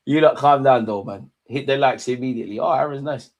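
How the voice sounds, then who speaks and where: A man's voice: medium pitch, a little fast. A young man hosting a live football watch-along, bantering with his chat in slang, swearing and laughing often.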